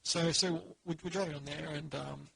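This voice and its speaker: A man's voice: a little high, steady tone, normal speed, vocal fry, background noise. An Australian man hosting a podcast, rambling through a story with many restarts in casual chat. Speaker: podcast host.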